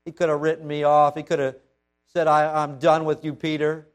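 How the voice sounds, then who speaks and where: A man voicing the apostle Peter as a humbled, remorseful grown man, speaking softly and in a subdued way. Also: fairly high pitch, monotone, moderate pace, clear, resonant tone, soft background music, natural voice. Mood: grateful. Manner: soft, hushed and subdued.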